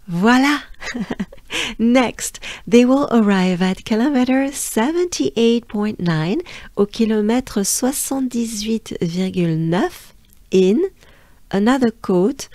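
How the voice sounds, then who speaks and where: A woman's voice: medium pitch, animated, slow pace, a little mellow, no room sound, studio quality. A woman from France with a French accent, teaching pronunciation patiently and drilling sounds, her voice a little strained. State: losing her voice. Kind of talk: slow pronunciation lesson with repetition.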